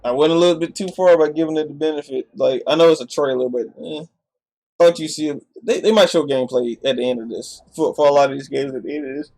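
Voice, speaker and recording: A man's voice: on the high side, animated, fast, vocal fry, a little mellow. A man streaming a live reaction, sleepy and chatty, restarting his sentences often. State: sleepy, yawning. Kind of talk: casual live reaction commentary.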